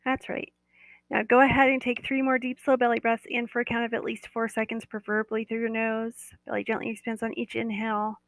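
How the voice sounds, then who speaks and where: A woman's voice: fairly high pitch, monotone, a little fast, no echo, poor audio. A woman who leads a guided body-awareness meditation live, talking in a soothing, coaxing way and often repeating "that's right.".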